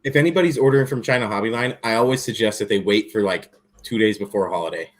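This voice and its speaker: A man appearing as a guest on a casual livestream, laid-back and quick to laugh loudly. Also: lowish voice, slight background noise.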